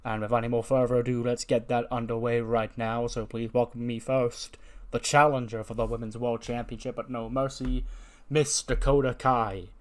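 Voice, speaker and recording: A man's voice: mid-range voice, flat delivery, moderate pace, hardly any pauses, lightly acted. A man voicing a male wrestling show general manager who makes formal ring announcements. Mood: announcing.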